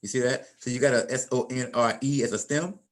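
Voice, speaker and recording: A man's voice: mid-range voice, steady tone, fairly quick. A middle-aged man teaching a Spanish class in an informal, folksy way, often repeating and restarting his words.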